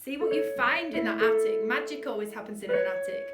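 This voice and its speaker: A woman voice coach leading an energetic vocal warm-up and demonstrating the exercises herself. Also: fairly high pitch, fairly quick, echoey room, recorded from a distance, over loud music.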